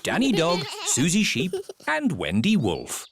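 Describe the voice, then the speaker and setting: A man's voice: fairly high pitch, wildly swooping pitch, unhurried, heavy background noise. A man narrating a children's cartoon in a cheerful, plain storybook manner.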